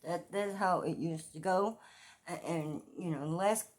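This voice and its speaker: A woman in her forties ranting in a casual commentary vlog, profane and repetitive, with loud outbursts. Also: lowish voice, measured pace. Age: 40s. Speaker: commentary vlogger.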